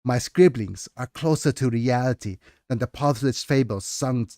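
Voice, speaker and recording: A man's voice: mid-range voice, moderate pace, mellow, dry recording, studio quality, natural voice. A man reading aloud as an aging male scribe, solemn and reflective, with a Nigerian accent. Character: aging male scribe recalling his past.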